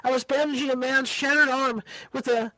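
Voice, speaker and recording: A woman's voice: sits high, fairly even intonation, a little fast, bright, forceful tone, dry recording, rough recording. A woman reading a book aloud as an amateur reader, tripping over hard words and slipping in casual asides. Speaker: audiobook reader.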